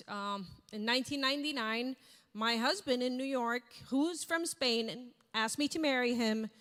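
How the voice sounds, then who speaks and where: A woman speaker on stage telling a story with energy and acting out the voices of people she quotes. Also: high-pitched. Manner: animated, acts out quoted voices. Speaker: keynote speaker. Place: large event hall. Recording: reverberant hall.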